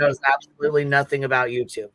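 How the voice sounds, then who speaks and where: A man's voice: medium pitch, little pitch movement, fast, over a noisy crowd. Blunt, swearing male stream host. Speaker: livestream host. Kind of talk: profane casual commentary.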